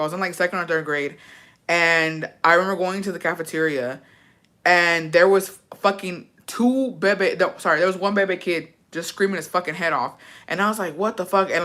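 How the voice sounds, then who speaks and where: Young woman, casual storytelling, bright tone, profane, emotional. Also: lowish voice. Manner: profane, emotional, tearful at times. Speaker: vlogger.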